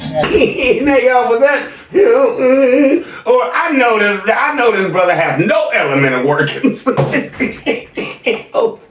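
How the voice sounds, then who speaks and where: A man doing casual reaction commentary, mocking and animated, laughing often as he talks. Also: very high-pitched, slow, reverberant, distant mic, a little hiss or hum. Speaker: reaction streamer.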